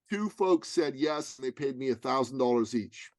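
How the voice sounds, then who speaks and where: A man's voice: medium pitch, normal speed, few pauses, dry recording. Guy coach telling his story on a podcast, acts out the lines, dry close sound. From Canada. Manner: animated storyteller, acts out dialogue. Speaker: business coach and author, guest. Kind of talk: storytelling in an interview.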